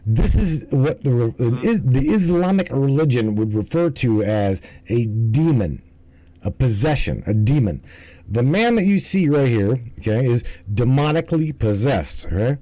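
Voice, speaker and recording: A man's voice: mid-range voice, big pitch swings, normal speed, warm tone, poor audio. Rambling, profane male stream host. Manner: rambling, profane, stumbles and restarts. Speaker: livestream host. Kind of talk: casual commentary.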